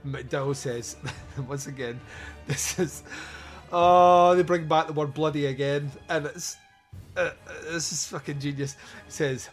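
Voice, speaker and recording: A man's voice: a little high, steady tone, measured pace, soft background music. A man hosting a podcast, reviewing a film in casual comic chat, laughing often and swearing as he acts out scenes.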